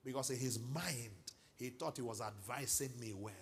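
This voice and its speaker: A middle-aged Nigerian man preaching a sermon as pastor, moving from quiet asides to loud exhortation and calling for responses. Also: medium pitch, moderate pace. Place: large church hall.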